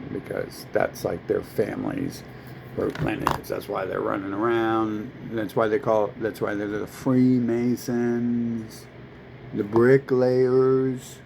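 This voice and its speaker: A man rants in a casual, profane, rambling way to camera. His voice is gravelly with plenty of creak. A faint air-conditioner hum runs behind him. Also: fairly low pitch, a little mellow, low-quality recording.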